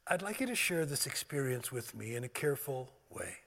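A man preaching and leading communion, swinging from loud emphasis to hushed, near-whispered words. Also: medium pitch, sing-song, fairly quick. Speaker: pastor. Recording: long hall reverb.

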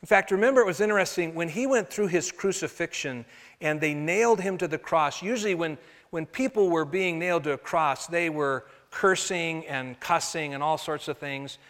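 A man preaching a sermon as pastor, earnest, swinging from loud emphasis to soft, slow phrases. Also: fairly high pitch, big-room sound.

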